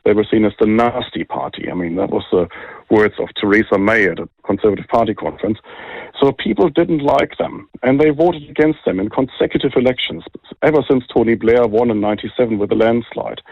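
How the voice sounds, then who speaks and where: German-accented man, low voice, lo-fi line. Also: brisk, dry recording. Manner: articulate and explanatory, dry humour. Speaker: think tank director, guest. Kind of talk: radio interview.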